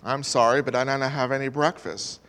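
A man voicing a poor, hungry little boy who speaks low and soft in fear. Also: fairly even intonation, brisk, close to an everyday voice. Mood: fearful. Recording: long hall reverb.

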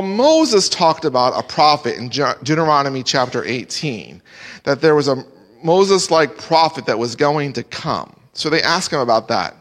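Male preacher, expository sermon, animated rises and hushed drops, church hall echo. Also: fairly high pitch. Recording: long hall reverb.

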